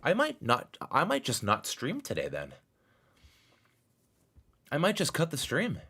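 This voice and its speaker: A young man streams a game live and chats with his viewers, swinging between low muttering and excited outbursts. He is unhurried, and his voice is husky.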